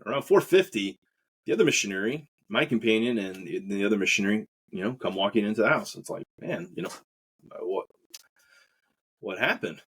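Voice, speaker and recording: A man hosting a podcast, telling a personal story in a casual, rambling way with many fillers and acted-out quotes. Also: fairly low pitch. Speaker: podcast host.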